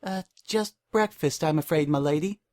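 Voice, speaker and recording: A man voices a shy, polite young filly acolyte who chirps her words, pushing his voice up while keeping it close to his everyday voice. It sits on the high side, a little mellow, at a moderate pace, in a dry, clean studio recording.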